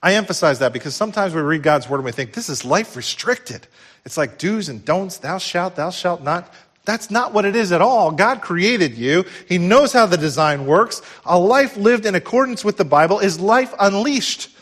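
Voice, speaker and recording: A middle-aged male pastor delivering a sermon in a fairly high voice. His preaching climbs to loud, emphatic peaks, then drops to hushed, tender lows. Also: lively intonation, moderate pace, hardly any pauses.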